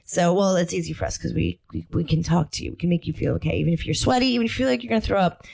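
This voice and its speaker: A woman's voice: fairly low pitch, very fast, vocal fry, a little mellow. A young adult woman co-hosting a podcast in casual chat, giggly and rambling, often laughing mid-sentence. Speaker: podcast co-host.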